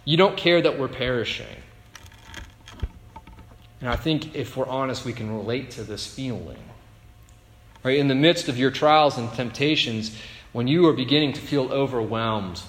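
A male pastor preaching a sermon in a relaxed, conversational way, often checking in with the congregation by asking "right?". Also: medium pitch, normal speed. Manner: conversational, frequent "right?" tag questions. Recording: echoey hall with long reverb.

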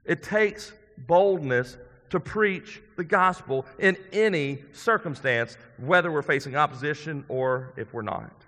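A male pastor preaching a sermon in a church, earnest and conversational, building to emphatic points and dropping to quiet ones. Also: fairly high pitch, measured pace. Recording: long hall reverb.

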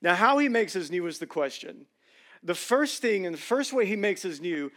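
A high-pitched man preaches from a church stage. His sermon is conversational and full of jokes, and his voice swings between loud emphasis and quiet asides. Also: expressive, normal speed. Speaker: pastor.

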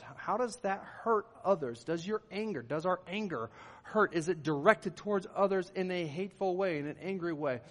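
A middle-aged pastor delivers a sermon in an earnest, conversational way, his fairly high voice rising into emphatic bursts. The sound carries the long reverb of a large hall, and his talk mixes plain explanation with loud, pointed emphasis.

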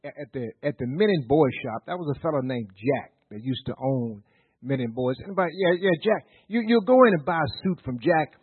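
Man preaching, from Virginia, husky voice, somewhat high pitch, tinny phone-like recording, stammering restarts. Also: expressive, a little fast, no echo. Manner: folksy storytelling with repeated stammered restarts; rising, rhythmic preaching repetition. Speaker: pastor. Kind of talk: sermon. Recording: dry, tinny phone-like sound.

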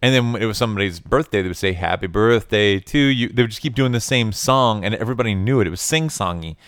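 A man's voice: lowish voice, racing, no echo, clean studio sound. A man co-hosting a casual film podcast. He is blunt and opinionated and swears freely as he chats. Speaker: podcast co-host.

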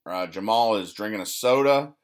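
A man with a lowish voice talks through newspaper comics in a dry, deadpan way. He rambles and trips over his words, fixing himself mid-sentence. His explanations of each gag come out flat and sarcastic. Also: normal speed, smooth. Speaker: podcast host. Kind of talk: deadpan comic-strip recap.

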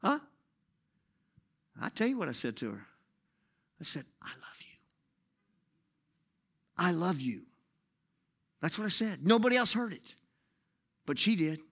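A male preacher with a very high, bright, forceful voice. He drops to hushed, intimate whispers, then swells into shouted, sing-song preaching. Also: big pitch swings, moderate pace, creaky, pauses often, slightly rough. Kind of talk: sermon.

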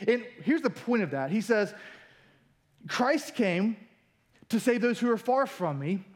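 A man delivers a sermon in a lively, colloquial manner. His voice sits high for a man and climbs further when he drives a point home. He sounds like a pastor talking straight to his congregation. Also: a little slow. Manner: energetic, colloquial, builds up in pitch for emphasis.

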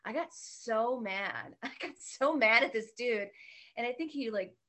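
A woman's voice: a little high, lively intonation, a little slow, bright, forceful tone. A woman who works as a bartender, chatting casually as a podcast guest, telling stories candidly and laughing often.

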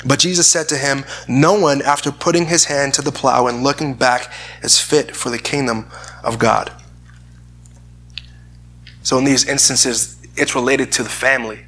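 A man's voice: medium pitch, steady tone, unhurried, long pauses, fairly bright tone. A man preaching a sermon and reading scripture aloud, earnest in tone, often repeating words as he searches for the phrasing. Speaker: pastor.

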